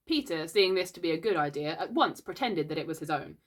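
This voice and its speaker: A woman reading a classic children's book aloud in a gentle, unhurried storytelling voice. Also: low-pitched, lively intonation.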